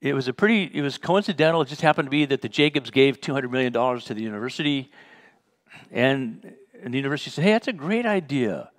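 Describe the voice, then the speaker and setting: A man's voice: medium pitch, fast talker. A man leading a Bible study in a conversational teaching style, telling personal stories and acting out the dialogue with a chuckle. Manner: storytelling, acts out remembered dialogue, chuckles.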